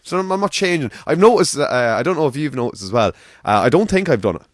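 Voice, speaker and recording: A man's voice: on the high side, very animated, fast, no echo, clean studio sound. A man with a Navan Irish accent talking as a podcast guest, swearing and telling stories in friendly banter. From Ireland. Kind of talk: casual podcast chat.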